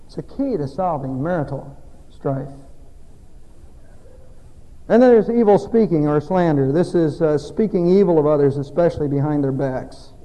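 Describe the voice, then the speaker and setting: Preacher guy, highish voice, big echoey church, muffled sound, gets loud then drops quiet. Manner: emphatic, swings between loud exhortation and quiet asides; folksy, self-deprecating humor. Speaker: pastor. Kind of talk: sermon.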